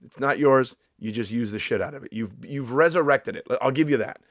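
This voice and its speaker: A man's voice: mid-range voice, brisk, dry recording. Sarcastic Gen X man in his fifties. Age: 50s. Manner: sarcastic, mock-indignant, swears freely. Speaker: comedian. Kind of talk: comedic vlog monologue.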